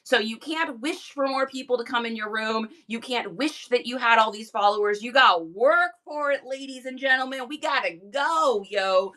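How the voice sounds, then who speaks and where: Bright, bubbly woman livestream host. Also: a little high. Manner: energetic, chatty, quick laughs. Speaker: live stream host. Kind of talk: casual live chat.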